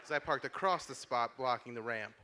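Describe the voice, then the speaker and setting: A man in his thirties doing a stand-up comedy set on a small club stage, sardonic and deadpan with sudden shouted outbursts. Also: medium pitch, brisk, a little hiss or hum. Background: small audience laughing.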